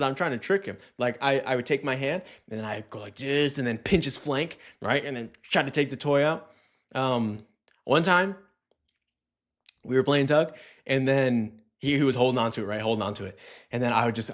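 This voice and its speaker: A man's voice: medium pitch, a little fast. A man giving a casual, conversational dog training lesson, often checking in with "right?" and acting out little scenes. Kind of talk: casual instructional talk.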